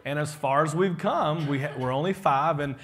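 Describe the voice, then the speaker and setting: A man's voice: on the high side, moderate pace. A man, a pastor giving a casual, joking leadership talk to his congregation and acting out the people he quotes.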